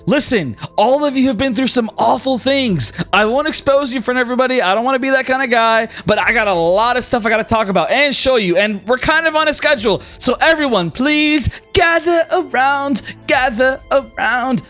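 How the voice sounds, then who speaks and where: A man's voice: very high voice, a bit bright, soft background music, voice pushed up. Man doing a flamboyant, sing-song god of fate. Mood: cheerful. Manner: sing-song, teasing, drawn-out welcomes. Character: flamboyant male god of fate, playful and dancing.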